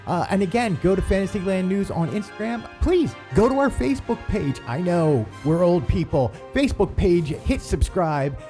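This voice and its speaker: A man's voice: high voice, animated, normal speed, hardly any pauses, mellow, faint music behind. A middle-aged man hosting a theme-park news show in casual, rambling chat full of ums and uhs.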